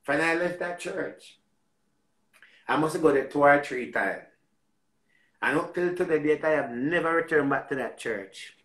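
A man with a Jamaican accent telling a story in a casual, animated way, repeating words and swearing freely. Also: fairly high pitch, measured pace, pauses often, reverberant.

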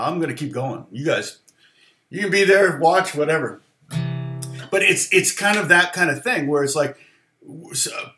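A man's voice: fairly high pitch, pushed and bright, echoey room. A middle-aged man hosting a casual livestream guitar lesson, rambling with fillers and laughs.

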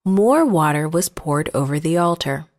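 A woman narrating children's Bible stories in a gentle, measured storytelling manner. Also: deep voice, expressive.

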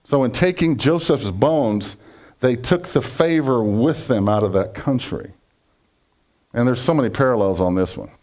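Pastor, male, chatty sermon full of questions to the room, medium pitch. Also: expressive, normal speed, darkish tone. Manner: conversational, jokey, asks congregation questions.

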